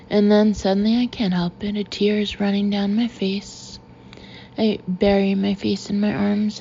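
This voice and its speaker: Woman narrating a novel, flat and mellow. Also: mid-range voice, vocal fry, highs cut off, slight background noise. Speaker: audiobook narrator. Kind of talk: first-person novel narration.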